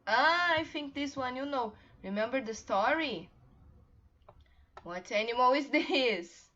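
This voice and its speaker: A young woman with a high, bright-toned voice teaches English to little children. She speaks slowly, stretching each question in a sing-song, encouraging way. The sound is a bit dull and lo-fi, like a home laptop recording. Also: lively intonation. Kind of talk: children's online class with songs.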